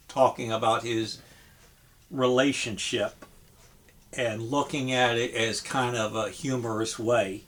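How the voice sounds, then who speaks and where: A man giving a casual spoken review of a music album, hesitant, with frequent ums and restarts, relaxed and appreciative. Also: medium pitch.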